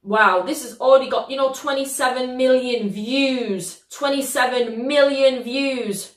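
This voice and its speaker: A British woman with a fairly high voice gives slangy, animated reaction commentary. Her voice rings out in a roomy, echoey space, and she laughs easily. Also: a little slow. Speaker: reaction video host. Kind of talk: excitable casual reaction commentary.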